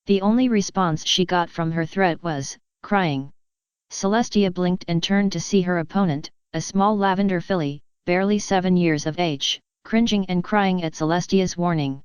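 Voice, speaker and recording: Smooth, clear woman narrator. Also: lowish voice, moderate pace, dry recording, highs cut off. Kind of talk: audiobook narration of fan fiction.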